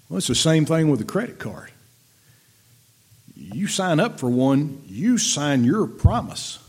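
A middle-aged man preaches a Bible lesson in a folksy, conversational way, reading scripture aloud between plain asides. His voice sits a touch high and has a husky, slightly breathy edge. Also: darkish tone. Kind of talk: sermon teaching from scripture.

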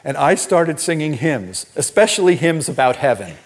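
An older man preaching a sermon as pastor, telling personal stories in an animated, emphatic way. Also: a little high, moderate pace. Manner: storytelling, animated and emphatic, laughs at own stories. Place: church.

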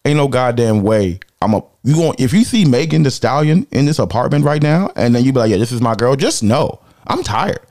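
A man co-hosting a podcast, blunt and animated, swearing freely as he talks. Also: medium pitch, fairly quick, hardly any pauses. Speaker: podcast co-host. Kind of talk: casual podcast chat.

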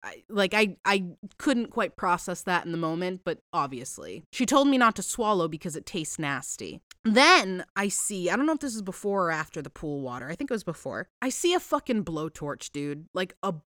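A woman podcast host chatting casually from home, her pitch swinging up and down as she rambles through a story. She swears freely and talks in an animated, offhand way. The sound is dry and close, with no room echo. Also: brisk.

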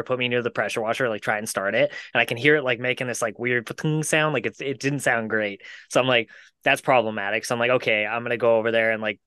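A man on a podcast tells a rambling story among friends, swearing freely and laughing through it. His voice is bright and crisp. The sound is dry and close, with filler words throughout. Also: mid-range voice, no room sound. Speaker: podcast co-host.

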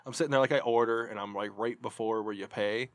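A man tells a story in a casual, swearing-heavy podcast chat. He is animated and profane, and his voice sits in the middle of the male range. The sound is dry and close, with no room echo. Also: mid-range voice, fast talker. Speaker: podcast co-host.

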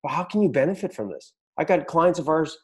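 Guy on a podcast, dark mellow voice, cursing a lot, pumping up business owners. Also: on the high side, expressive, brisk. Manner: blunt, swears a lot, pep-talk energy. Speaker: podcast host. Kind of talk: motivational business talk.

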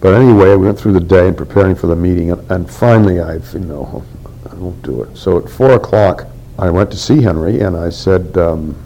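Older man with a deep, dark voice. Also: a little fast, slight background noise, poor audio. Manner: candid storytelling, quotes others in dialogue. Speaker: oral history interviewee. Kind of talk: oral history recollection.

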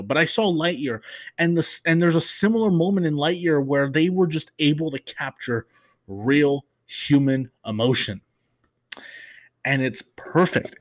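A man's voice: fairly high pitch, no echo. A young man hosting a podcast, chatting through an episode recap with many fillers and restarts, openly emotional. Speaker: podcast host.

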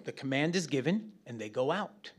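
A man preaching a conversational Bible teaching, animated and chatty, with joking asides to the room. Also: medium pitch, moderate pace, breathy edge.

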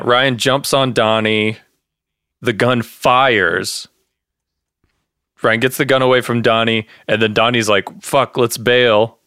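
A man casually recapping a TV episode with a co-host, animated and laughing often as he acts out lines. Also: on the low side, clear, resonant tone, no echo, studio quality. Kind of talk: casual chat.

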